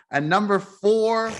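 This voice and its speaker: A man co-hosting a podcast in casual chat, animated and self-interrupting, laughing often. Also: high-pitched. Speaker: podcast co-host.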